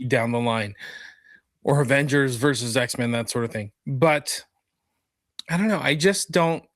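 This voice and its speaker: A man's voice: medium pitch, measured pace, no room sound, studio quality. Easygoing male podcast co-host. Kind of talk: casual chat.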